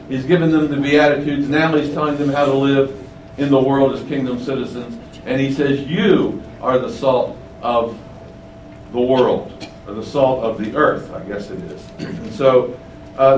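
Male preacher, slightly high voice, deliberate emphatic teaching, roomy echo, a step off the mic. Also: recorded from a distance, a little hiss or hum. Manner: slow, emphatic teaching with rising stresses. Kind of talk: sermon.

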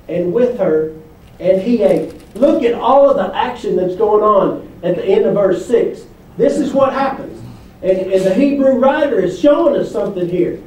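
Heard from far off in an echoey church hall, a man with a high, mellow voice preaches as pastor. He reads scripture aloud and asks the congregation questions, with slight background noise present.

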